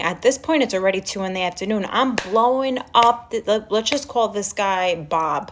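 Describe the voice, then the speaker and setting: A young woman with a thick Staten Island New York accent talks through a story on her livestream, animated and quick to curse. She breaks off now and then to greet her chat. Faint noise hums under her phone mic. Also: mid-range voice. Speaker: livestream host.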